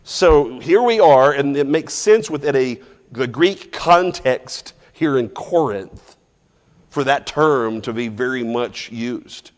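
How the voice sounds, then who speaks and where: A man's voice: medium pitch, expressive, takes it slowly. A man teaching a Bible class verse by verse in a loose, conversational way, restarting phrases and putting questions to the class. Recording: long reverb from a large hall.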